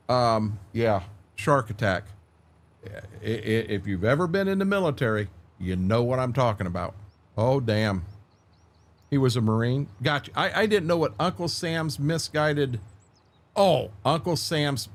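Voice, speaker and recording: A man's voice: mid-range voice, measured pace. An older American man streaming a game and telling salty army stories in a casual, profane way. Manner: profane, animated war-story telling.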